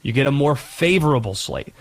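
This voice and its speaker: A man's voice: medium pitch, lively intonation, a little fast. A man hosting sports talk radio, making his points with punchy emphasis.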